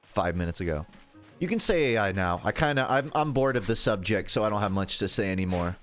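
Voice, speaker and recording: A man's voice: fairly low pitch, animated, a little fast, fairly bright tone, soft background music. A man streaming a video game, chatting casually in a rambling, self-deprecating way that trails off mid-sentence, his voice strained from earlier voice acting. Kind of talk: casual live-stream chat while gaming.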